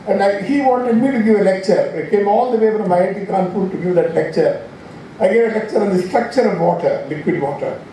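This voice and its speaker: An elderly Indian man in his eighties speaks informally at a podium, drifting from point to point and correcting himself mid-sentence. His voice sits high but sounds mellow. He is picked up from a distance in a hall with heavy echo and faint background hiss. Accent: Indian English. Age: 80s. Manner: rambling, anecdotal, frequent restarts and self-corrections. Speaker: scientist giving an inaugural address. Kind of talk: informal speech. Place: large lecture hall. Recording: very echoey hall from far off.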